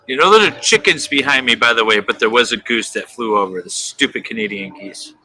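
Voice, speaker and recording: A man's voice: mid-range voice, fairly quick, pushed and bright, slight background noise, poor audio. A man on a stream panel chatting casually and correcting himself as he rambles along. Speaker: stream guest. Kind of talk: casual chat.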